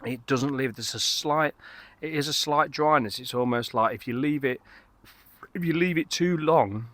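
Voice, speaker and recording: A man's voice: mid-range voice, normal speed, fairly bright tone, no room sound. A middle-aged man, reviewing a beer outdoors in a casual, rambling, enthusiastic way, full of fillers and restarts. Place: outdoors in a garden.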